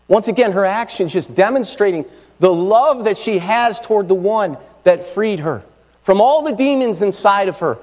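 A man preaching a fervent sermon in a church, swinging from loud declarations to hushed phrases and repeating key lines. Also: high voice, big-room sound.

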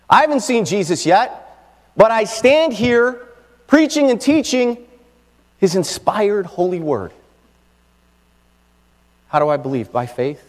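A man preaching a fervent sermon in a church, swinging from loud declarations to hushed phrases and repeating key lines. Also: high-pitched, sing-song, a little slow, pauses often, long reverb tail.

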